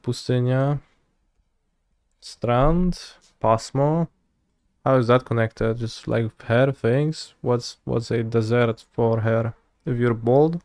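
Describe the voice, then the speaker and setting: A man's voice: medium pitch, darkish tone, clear, resonant tone, no room sound, studio quality. A man, a streamer thinking aloud and muttering words to himself while he works through a word puzzle. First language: Polish.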